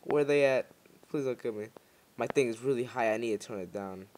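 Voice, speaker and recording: A man's voice: mid-range voice, fairly quick, a little mellow, a little hiss or hum. A man giving jumpy, muttering commentary while playing a horror game, bursting into panicked yelps when scared. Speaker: gaming YouTuber.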